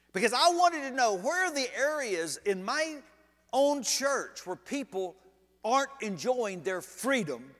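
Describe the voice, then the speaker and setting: A male preacher telling a story in a sermon, animated and humorous. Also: very high voice, big-room sound. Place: church sanctuary.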